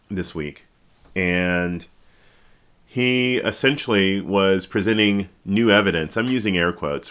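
A man with a very low voice hosts a casual podcast, talking slowly in a bright, forward tone. He rambles through the news with jokes and restarts, now and then jumping into high exclamations. He speaks into a podcast microphone. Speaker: podcast host. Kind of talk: casual political commentary.

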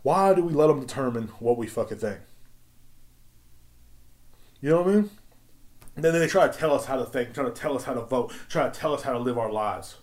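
A man's voice: mid-range voice, lively intonation, a little fast, pauses often. A man hosting a solo podcast, ranting in a heated, rambling and profane way. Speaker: podcast host.

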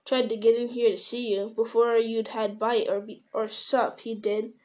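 A woman's voice: a little high, little pitch movement, normal speed, a little mellow, close to an everyday voice. Woman reader voicing a middle-aged male innkeeper: nervous, gossipy, rambling, storybook tone. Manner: rambling, fretful. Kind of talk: storybook reading.

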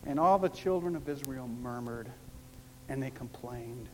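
A pastor preaching a sermon, emphatic and repetitive, with wide swings in pitch and loudness. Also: unhurried. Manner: emphatic, repeats key phrases, big swings in pitch and loudness. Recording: long hall reverb with faint noise.

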